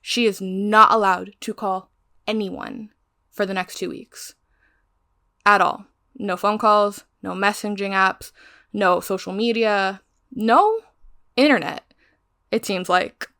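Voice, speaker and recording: A woman's voice: mid-range voice, takes it slowly, pauses often, sharp tone. Chatty woman recapping a thriller novel. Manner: chatty, tangential, swears freely. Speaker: book reviewer. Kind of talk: casual book recap.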